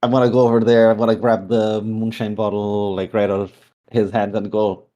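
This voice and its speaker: A man's voice: lowish voice, little pitch movement, a little fast, dark tone. A man player in a tabletop game, talking casually with hesitant fillers.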